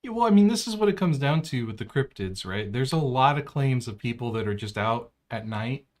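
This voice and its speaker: A man's voice: medium pitch, expressive, fairly quick. A man co-hosting a podcast in casual chat, easygoing and teasing. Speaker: podcast co-host.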